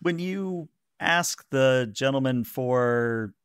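A man's voice: mid-range voice, lively intonation, takes it slowly, a bit bright, smooth, no echo. A man narrating a tabletop game as game master, in a dry, matter-of-fact way.

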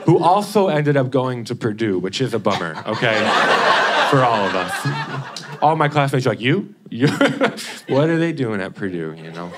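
Male comic, young, mid pitch, chatty stage delivery, noisy live club recording. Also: very animated, normal speed. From Indianapolis, Indiana. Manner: chatty, keeps tagging lines with "okay?". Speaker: stand-up comedian. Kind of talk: stand-up comedy set. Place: comedy club stage with a laughing audience.

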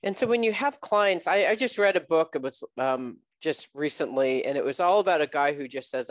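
A curious, affirming male interview host with a fairly high, smooth, resonant voice. He often adds soft murmurs of agreement. The recording is dry and close, with no room echo. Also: lively intonation, fairly quick, few pauses. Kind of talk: conversational interview.

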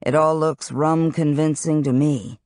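A reader voicing Han, a wary young man from the streets who speaks in a curt, defiant way with rough slang. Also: mid-range voice, steady tone, unhurried, darkish tone, no echo, studio quality, lightly acted. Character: blunt, wary young male street fighter. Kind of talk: audiobook character reading.

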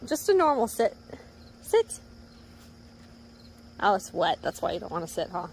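A woman's voice: medium pitch, very animated, unhurried, a little hiss or hum. A woman casually coaching her pet fox through tricks, coaxing and laughing as she goes. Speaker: pet owner. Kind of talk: casual pet training commentary.

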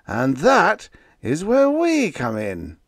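A man's voice: on the high side, huge pitch swings, slow, no echo, studio quality, pitched above the performer's own voice, heavily acted. A man voicing a pompous company vice president who speaks in a formal, precise, lecturing way. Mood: smug.

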